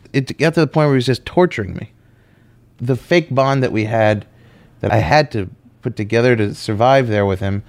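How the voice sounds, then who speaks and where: A man telling a personal story, animatedly acting out the people he quotes. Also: lowish voice. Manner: animated, acts out quoted voices.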